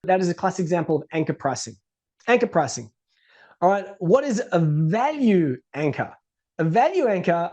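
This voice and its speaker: A man teaching business pricing to camera in a casual, animated way, acting out the people in his stories. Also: high-pitched. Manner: animated storytelling, acts out quoted people. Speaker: business educator.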